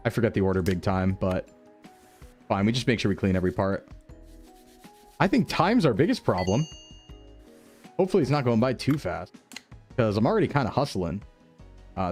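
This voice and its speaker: Dude streaming a repair sim, casual rambling, gets loud and squeaky when panicking, low music in the back. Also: male voice. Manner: chatty, thinks aloud, excitable bursts. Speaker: streamer playing a repair simulator. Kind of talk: casual game commentary.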